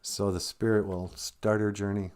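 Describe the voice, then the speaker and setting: A man hosting a live stream, talking casually about grief with gentle, self-deprecating humor while holding back tears. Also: fairly low pitch, little pitch movement, normal speed, clean tone. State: close to tears.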